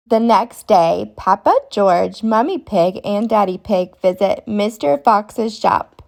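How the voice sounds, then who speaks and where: A woman reading a children's storybook aloud, slow, expressive and clear for young listeners. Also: mid-range voice.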